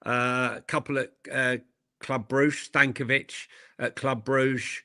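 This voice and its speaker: A man co-hosting a casual football livestream, talking things through in a relaxed way. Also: mid-range voice, unhurried. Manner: relaxed, thinking aloud with fillers. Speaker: co-host.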